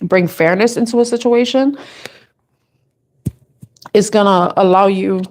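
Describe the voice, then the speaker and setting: A woman's voice: medium pitch, unhurried. A woman tarot reader chatting casually to viewers, laughing often and thinking aloud as she talks through her cards. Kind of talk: casual live tarot reading chat.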